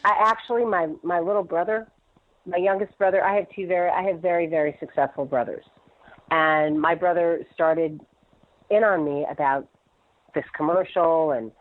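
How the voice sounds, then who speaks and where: Animated middle-aged woman on a phone line. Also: fairly low pitch, normal speed. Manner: animated storyteller, laughs often. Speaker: entrepreneur guest. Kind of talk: casual interview chat.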